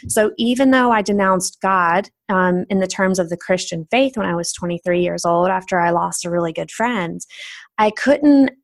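A woman's voice: medium pitch, dry recording. A young adult woman candidly reflecting on her spiritual journey in an earnest personal monologue. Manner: earnest, candid, with soft laughs and restarts. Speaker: speaker sharing a personal spiritual story.

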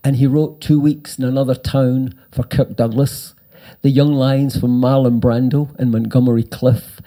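An older man, a writer and former actor, telling animated anecdotes in an interview and acting out the quotes. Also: mid-range voice, moderate pace. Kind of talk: storytelling interview.

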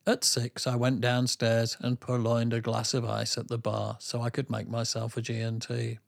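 A man's voice: medium pitch, monotone, moderate pace, creaky, dry recording. Male host, diary read-aloud, dry wit. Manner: dry, wry delivery. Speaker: podcast host. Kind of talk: reading a tour diary aloud, then casual chat.

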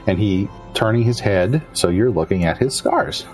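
A man's voice: lowish voice, expressive, normal speed, a little mellow, soft background music. A man narrating as game master, casual and asking questions of the players.

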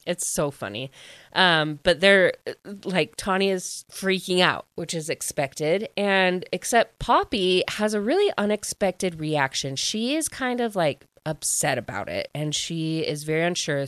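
A woman's voice: fairly low pitch, a bit bright, smooth, no room sound. A woman recapping a book at home in a chatty, gushing way, full of fillers. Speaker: book reviewer.

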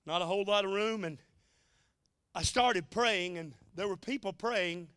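Guy preaching a sermon, folksy and emotional, kinda high voice, dry close sound. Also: a little slow, fairly bright tone, clear, resonant tone, no room sound. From United States. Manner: folksy, emotional storytelling with joking asides.

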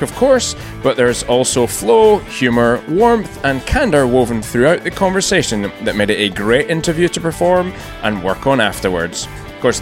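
A male podcast host with a lively, swinging delivery and a dry, self-mocking wit. He reads his introduction over faint guitar music, then slips into relaxed, rambling conversation with his guest. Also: mid-range voice. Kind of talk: scripted intro then casual interview chat. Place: large empty echoing conference room.

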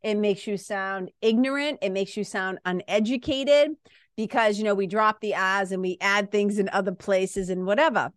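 A woman's voice: mid-range voice, moderate pace, no room sound, studio quality. A woman from Massachusetts with a Boston accent, hosting a podcast in a candid, rambling casual monologue with some swearing. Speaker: podcast host.

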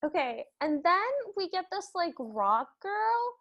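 A woman's voice: very high voice, sing-song, slow pace, a bit bright, dull audio. A woman co-hosting a podcast, recapping a movie in wry, chatty casual talk. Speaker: podcast co-host.

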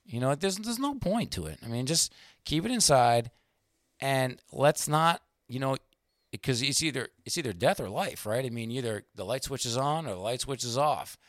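A middle-aged man co-hosting a casual book discussion, chatty and rambling, sometimes reading passages aloud slowly. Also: medium pitch, animated, a bit bright, no room sound, clean studio sound. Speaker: podcast co-host.

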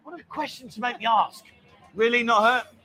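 A man's voice: extremely high pitch, moderate pace, bright, forceful tone, slight background noise. A man hosting a casual livestream from a bar, teasing his guest and reading viewer comments aloud. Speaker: bar show host.

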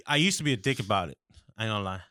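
A man in his thirties co-hosting a podcast in casual, profane chat, an animated storyteller who swears a lot. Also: lowish voice, racing, no room sound, clean studio sound. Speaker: podcast co-host.

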